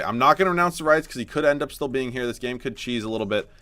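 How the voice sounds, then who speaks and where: A man's voice: mid-range voice, expressive, quick pace, hardly any pauses, sharp tone, no echo. Young male gaming YouTuber, mid-range voice, dry close mic, grumbles at losses then talks himself upbeat. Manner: frustrated and self-mocking, swinging to forced cheer. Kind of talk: game commentary.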